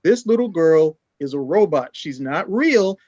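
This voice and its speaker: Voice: mid-range voice, big pitch swings, unhurried, a little mellow, no echo. An opinionated co-host lays out emphatic arguments in a casual review conversation. The recording is dry and a little dull, with no room sound. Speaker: podcast co-host.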